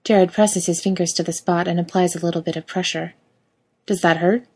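A woman reads a story aloud with a wry, casual delivery that lets the odd swear word through. Her voice sits a little low. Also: steady tone, a little fast, darkish tone, breathy edge. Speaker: reader. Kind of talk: storytelling narration.

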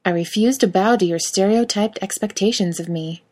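A woman's voice: mid-range voice, moderate pace, darkish tone, lightly acted. A woman voicing the heroine's defiant, smirking sister, blunt and confrontational.

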